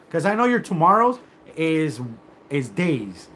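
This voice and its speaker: A man's voice: on the high side, big pitch swings, unhurried, a bit bright, slight background noise. A man hosting a livestream, ranting in a profane, confrontational and rambling way. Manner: rambling, with many fillers and restarts. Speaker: livestream host. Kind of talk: live rant on a stream.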